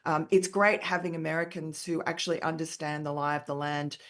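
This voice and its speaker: Australian woman guest, low register, emphatic, filler-heavy, middle-aged. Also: steady tone, a little fast, fairly bright tone. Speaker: author and columnist guest. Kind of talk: conversational interview answers.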